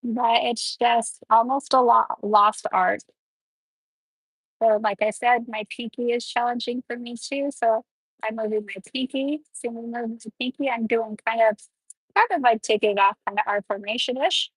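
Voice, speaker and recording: A woman's voice: on the high side, steady tone, normal speed, breathy edge, no room sound, poor audio. A woman nail tech running a live tutorial, chatting and explaining each step while she works.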